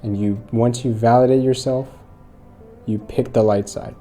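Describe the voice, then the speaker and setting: A man's voice: mid-range voice, fairly even intonation, moderate pace, mellow, faint music behind. A man hosting a channel who talks earnestly to his viewers, retelling a story to make a point. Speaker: host. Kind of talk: motivational commentary.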